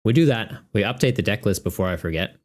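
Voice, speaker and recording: A man's voice: on the low side, lively intonation, fast. A man chatting casually on a live stream as a tournament organizer, laughing often and joking with his viewers.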